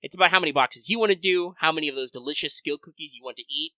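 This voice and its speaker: A man with a fairly high, bright, lively voice talks quickly on a podcast. He jokes and rants with a lot of swearing, and his voice sounds close and dry. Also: no room sound. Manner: animated, profane, joking rants. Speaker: podcast co-host. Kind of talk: casual gaming podcast chat.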